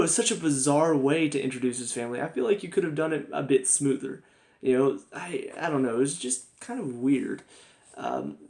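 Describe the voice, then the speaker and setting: Young male reviewer, mid pitch, casual and rambling, many fillers. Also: darkish tone. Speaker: TV review vlogger.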